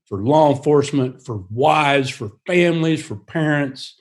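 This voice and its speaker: A man's voice: fairly high pitch, a little slow. A man who pilots attack helicopters, a podcast guest telling his stories in an earnest, casual way and laughing often.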